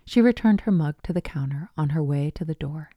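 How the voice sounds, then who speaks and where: A woman reading a story aloud in a measured way, her phrase ends trailing off softly. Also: low-pitched, expressive, no echo, muffled recording. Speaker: narrator. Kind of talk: storybook narration.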